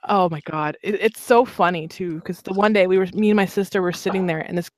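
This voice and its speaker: A woman's voice: on the low side, brisk, a little mellow, a little hiss or hum. A woman co-hosting a casual podcast chat, telling stories candidly with frequent restarts and laughs. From Canada. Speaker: podcast co-host, motorcycle rider.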